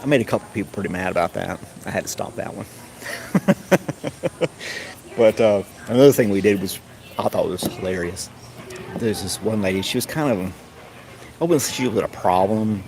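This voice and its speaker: A middle-aged man casually telling a rambling story, often chuckling and mimicking others in a high voice. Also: brisk, vocal fry, long pauses, crowd noise. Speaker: streamer. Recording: noisy background.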